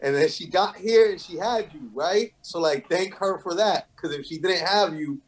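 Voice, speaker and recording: A man co-hosting a casual interview, earnest and rambling with animated asides. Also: high-pitched, normal speed. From New York.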